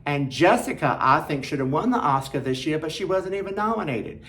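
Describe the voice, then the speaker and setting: A woman's voice: sits low, animated, brisk. A woman hosting a show of film recommendations, chatty and enthusiastic, with jokey asides. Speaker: film reviewer host.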